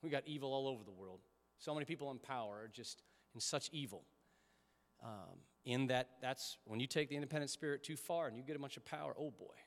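A pastor delivering a conversational sermon, emphatic at times and dropping to soft prayerful tones. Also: male voice, mid-range voice, brisk, big-room sound. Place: church sanctuary.

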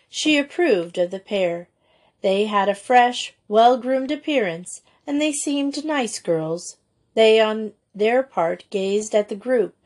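A woman narrating a children's school story in an even, gentle reading voice. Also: mid-range voice. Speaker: audiobook reader.

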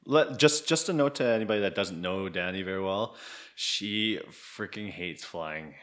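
A man co-hosting a podcast in casual chat, jokey and quick to laugh. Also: low voice, fairly bright tone. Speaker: podcast co-host.

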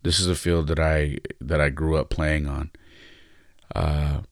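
A man, a podcast host and coach, telling a story in a relaxed, reflective way with lots of fillers. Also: a bass voice, a little slow, dry recording, clean studio sound. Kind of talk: casual storytelling monologue.

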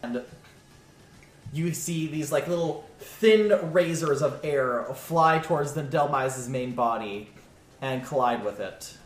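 A man running a tabletop game, narrating the scene in a lively, descriptive way. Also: a little high, a little slow, reverberant, a little hiss or hum. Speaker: game master.

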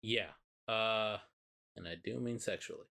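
Lowish-voiced man, excited and profane. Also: a little slow, vocal fry. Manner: excited, profane, animated retelling. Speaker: podcast co-host. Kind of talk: casual chat.

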